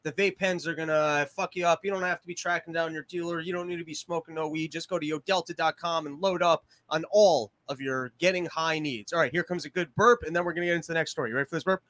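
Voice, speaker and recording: A man with a high, bright voice rambles through profane comic rants. He is hosting a casual podcast from a small shed studio. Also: fairly even intonation, fast talker, few pauses. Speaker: podcast host.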